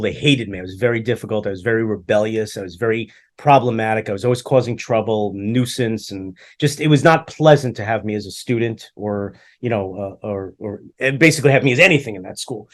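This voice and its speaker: A man's voice: mid-range voice, a little fast. A middle-aged man co-hosting a podcast, telling stories from his school days in a joking, self-deprecating way and acting out the people he quotes. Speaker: podcast co-host. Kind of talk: casual storytelling chat.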